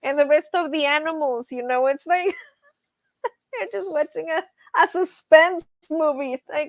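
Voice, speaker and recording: A woman who grew up on a ranch hosts a relaxed livestream, laughing as she tells animated stories and reads out viewer comments. Her voice is high and slow, broken by frequent pauses, and the recording is dry.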